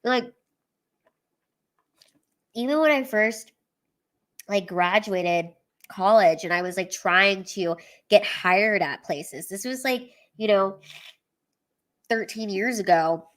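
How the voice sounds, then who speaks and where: A woman's voice: medium pitch, slow pace, pauses often, a bit bright. Candid woman comedian chatting. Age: 30s. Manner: candid, emotional, swears freely. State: teary. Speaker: comedian livestream host. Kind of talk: casual livestream chat.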